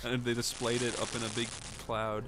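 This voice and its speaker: A man's voice: medium pitch, completely flat delivery, normal speed, noisy background. A man chatting casually on a gaming stream, playful and laughing, riffing on jokes with friends. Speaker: streamer co-host.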